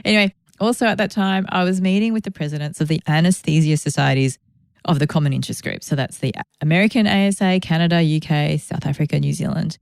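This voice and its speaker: A woman's voice: low voice, quick pace, creaky, no room sound, clean studio sound. A woman hosting a podcast, talking in a reflective, conversational way with grateful asides. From Australia. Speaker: podcast host. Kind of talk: reflective solo podcast talk.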